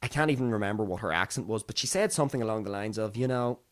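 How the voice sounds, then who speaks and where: Speaking rapid-fire in a fairly low, animated voice, this young Irish podcast host wanders off topic while chatting through the news. His casual solo commentary is talkative and digressive, with impressions of other people's voices.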